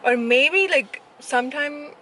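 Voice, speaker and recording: A woman's voice: high voice, takes it slowly, sharp tone, slight background noise, rough recording. A young woman talking casually to her vlog camera, candid and profane as she tells stories. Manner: candid, profane, chatty storytelling. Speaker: vlogger.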